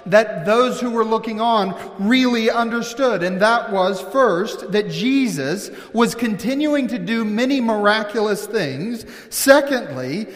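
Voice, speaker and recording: A man with a notably high voice delivers a sermon as a returning pastor. He talks easily at first, then presses his points with rising emphasis. His voice rings out with a long reverb through a large church hall. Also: expressive, measured pace, hardly any pauses. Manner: conversational preaching, building to emphatic points. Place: church sanctuary.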